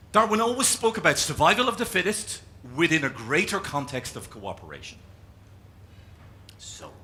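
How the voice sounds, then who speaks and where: Lively Irish man giving a keynote. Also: on the high side, slight background noise. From Ireland. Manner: animated storyteller, drawing as he speaks. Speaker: keynote speaker. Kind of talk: live talk to an audience. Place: conference room with an audience.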